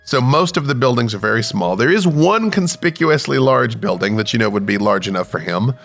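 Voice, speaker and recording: A man narrates a tabletop adventure as its game master, painting each scene in a loose, chatty way. His voice sits at a middling pitch with a gravelly, fry-laden edge. Faint music plays underneath. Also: lively intonation, fairly quick, a bit bright. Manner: descriptive, chatty, laughs between lines.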